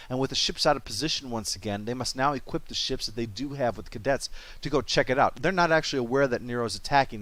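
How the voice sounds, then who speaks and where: A man's voice: mid-range voice, a bit bright. A man narrating a comedic game review, full of sarcastic wisecracks.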